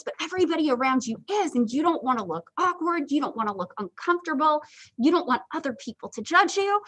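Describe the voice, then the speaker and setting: Chatty high-voiced woman lecturing. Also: rough recording. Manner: chatty, joking asides, lots of ums. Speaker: psychology instructor. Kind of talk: casual livestream lecture.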